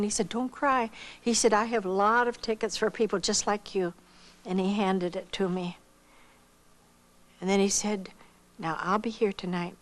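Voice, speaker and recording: An older woman from the United States telling a personal testimony slowly and reflectively, acting out the voices of the people she quotes. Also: medium pitch, rough recording. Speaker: missionary giving testimony.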